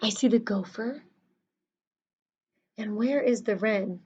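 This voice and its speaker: A woman teacher reads a picture book aloud to young children, chatting to them between pages. Her delivery is animated and sing-song, unhurried and slow, with a fairly high voice. The recording is dull and lo-fi. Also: breathy edge.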